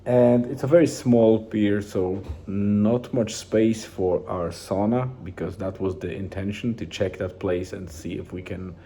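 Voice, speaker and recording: Low, dark-voiced man rambling casually. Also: a little slow, hardly any pauses. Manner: rambling, relaxed, with many restarts and fillers. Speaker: vlogger. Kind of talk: casual daily journal vlog.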